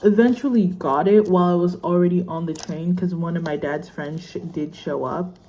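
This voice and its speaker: A woman's voice: lowish voice, normal speed, mellow, slight background noise. A young woman vlogging casually as a student, chatty and rambling with lots of fillers while she unboxes a laptop. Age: young adult. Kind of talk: casual unboxing vlog chat.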